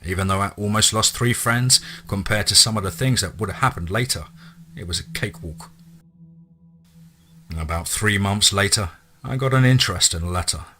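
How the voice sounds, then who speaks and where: A man narrating a first-person story in a measured, wry storytelling manner. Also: lowish voice, bright, forceful tone.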